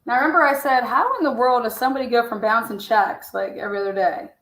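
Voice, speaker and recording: A woman's voice: on the high side, quick pace, fairly bright tone. Blunt, profane woman in an echoey room. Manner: blunt and profane, talks to herself. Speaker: true-crime commentator. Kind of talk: casual commentary reading out messages. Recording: roomy echo.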